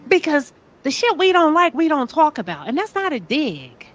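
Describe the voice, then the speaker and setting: A woman's voice: sits high, big pitch swings, normal speed. A woman with a Southern American accent hosting a live talk show, asking pointed, sassy rhetorical questions. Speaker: show host.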